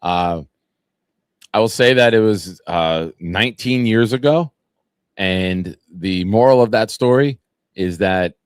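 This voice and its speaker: A man's voice: sits low, no room sound, clean studio sound. A man, hosting a sports talk show and chatting loosely, rambling through profane stories and fan comments. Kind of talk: casual live-stream chat reading fan comments.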